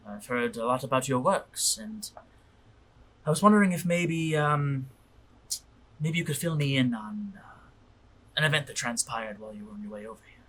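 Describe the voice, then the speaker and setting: A man's voice: mid-range voice, expressive. A man voicing a reserved upper-class company man with a posh British accent, who speaks formally and politely. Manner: formal, measured and quietly polite.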